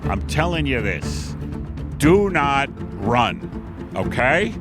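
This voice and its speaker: A man's voice: mid-range voice, big pitch swings, extremely slow, loud music behind the voice. Man doing a chatty serial killer trucker. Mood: casual menace. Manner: casual, matter-of-fact menace.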